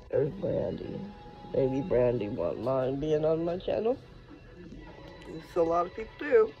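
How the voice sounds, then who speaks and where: A man's voice: a little high, lively intonation, measured pace, long pauses, dull audio, faint music behind. A man vlogging casually at home, talking in a scattered, rambling way straight to his viewers as he walks between rooms. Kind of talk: casual rambling vlog talk.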